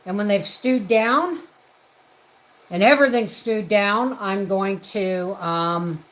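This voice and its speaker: A woman chats through a homestead livestream in her home kitchen. Her voice sits at an ordinary middle pitch, and she talks at an unhurried, slow pace. She rambles loosely and keeps breaking off to greet viewers by name. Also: a bit bright, low-quality recording. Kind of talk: casual livestream chat while cooking.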